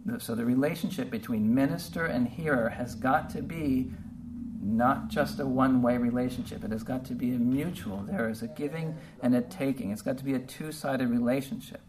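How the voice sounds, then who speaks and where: Heartfelt male pastor, distant mic. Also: mid-range voice. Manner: heartfelt, conversational, halting with fillers. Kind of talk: sermon. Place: church service. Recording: distant mic with faint background noise.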